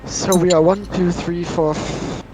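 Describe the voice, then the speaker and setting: High-voiced joking male player. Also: flat delivery, unhurried, over music, low-quality recording. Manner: joking, loud banter.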